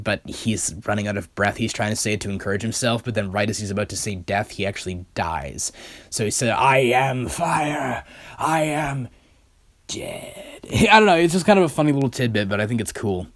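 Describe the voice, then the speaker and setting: A man's voice: on the low side, dry recording. A young man reviewing a film in a casual, enthusiastic way, rambling with many fillers and restarts.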